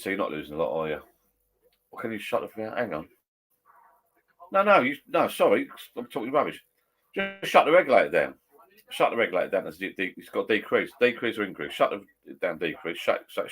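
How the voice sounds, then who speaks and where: A middle-aged man rambles through a casual live stream from his garden bar shed. His voice sits fairly low. He talks in a chatty, blokey way, restarts his sentences, and reads out viewer comments as he goes.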